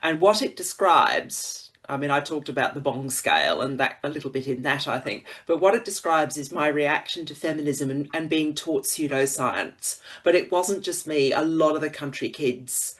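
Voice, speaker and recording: A woman from Queensland, a podcast guest talking in a dry, wry way with quick laughs. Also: low voice, animated. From Queensland, Australia. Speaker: guest writer. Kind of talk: casual podcast conversation.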